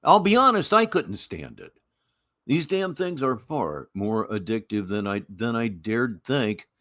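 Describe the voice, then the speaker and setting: Male host, sardonic commentary, very animated pitch, mocking asides. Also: slow pace. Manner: sardonic, mocking, shifts between loud jabs and muttered asides. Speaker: show host reacting to clips. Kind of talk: commentary over video clips.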